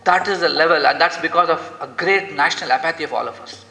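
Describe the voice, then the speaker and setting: Guy giving an impassioned talk, kinda high voice, echoey lecture hall. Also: quick pace, pushed and bright. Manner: earnest, impassioned, storytelling. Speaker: guest lecturer. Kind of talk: inspirational lecture.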